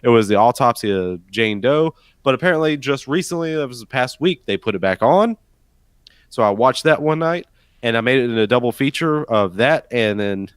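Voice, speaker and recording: A man's voice: mid-range voice, clean tone, dry recording. A man co-hosting a podcast, chatting in a laid-back, rambling way and swearing casually. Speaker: podcast co-host.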